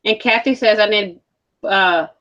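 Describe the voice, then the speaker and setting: A woman moderating a livestream chat, briskly passing viewer comments and requests on to the hosts. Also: mid-range voice, a bit bright, muffled recording. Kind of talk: casual chat.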